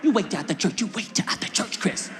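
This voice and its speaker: A man voicing a strict, scolding middle-aged mother in a stand-up impression, shrill and sharp. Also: lively intonation, quick pace, big-room sound, over a noisy crowd, very noisy. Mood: furious.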